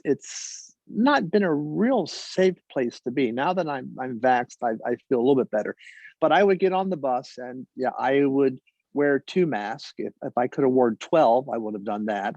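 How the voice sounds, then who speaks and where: A man's voice: medium pitch, a little mellow, no echo. A man tells a personal story to a live audience, dry and wry, often restarting his sentences. His voice sits in a middle range. The sound is dry and a little muffled. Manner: wry, halting delivery with many restarts. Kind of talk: personal story told on stage.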